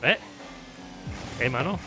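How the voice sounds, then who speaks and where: A man's voice: mid-range voice, lively intonation, unhurried, pushed and bright, soft background music. An American man hosting a stream, chatting loosely as he watches a game, stammering, repeating himself and laughing often. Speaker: streamer host. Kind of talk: casual chat while watching a game.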